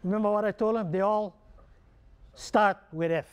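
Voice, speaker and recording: A man speaking with a Hawaiian Pidgin accent delivers a humorous motivational keynote. His voice sits high for a man. He keeps firing quiz questions at the audience and teasing them in easy call-and-response. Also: fairly even intonation, moderate pace, clean tone.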